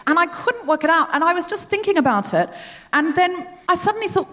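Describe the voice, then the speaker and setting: Animated woman host on a theatre stage. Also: very high voice, brisk. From Australia. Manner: animated, self-deprecating, laughing often. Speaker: comedy podcast host. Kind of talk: live stand-up style chat. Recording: reverberant theatre, faint audience noise. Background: audience laughter.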